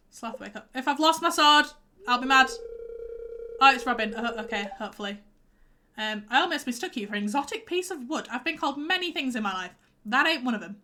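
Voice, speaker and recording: A woman's voice: high voice, animated, brisk, bright, forceful tone, slight background noise. A young woman chatting casually while live-streaming a farming game, teary and stuffy-nosed from crying, rambling and reacting aloud as she plays.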